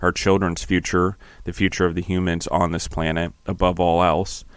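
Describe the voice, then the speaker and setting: A middle-aged man speaking earnestly and reflectively in an interview, often pausing and restarting his phrases. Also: low voice, level tone, smooth, no room sound. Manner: earnest, halting, restarts phrases, gets emotional. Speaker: podcast host.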